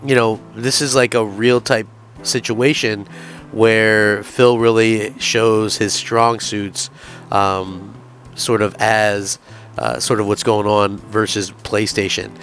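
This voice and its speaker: A man's voice: fairly low pitch, level tone, slow, a bit bright. Earnest male gaming channel host. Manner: earnest, emphatic, talks to viewers directly. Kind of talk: gaming news commentary and article reading.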